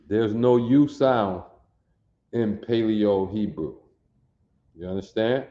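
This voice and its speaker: A man teaching a language class, sounding out letters and repeating them slowly for students to copy. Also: lowish voice, mellow. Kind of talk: classroom lesson, drilling sounds. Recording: roomy, dull lo-fi recording.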